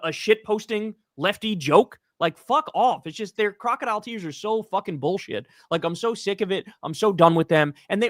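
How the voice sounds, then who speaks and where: A man's voice: high voice, a bit bright, no room sound, clean studio sound. A man, a political commentator, ranting in a heated, profane, casual podcast chat.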